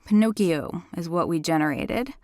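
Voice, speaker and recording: A woman who narrates audiobooks walks through a software tool in a chatty, enthusiastic tutorial. Her voice sits fairly low for a woman. The recording is dry and close. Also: animated, moderate pace, no room sound. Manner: chatty and enthusiastic, self-described critical listener.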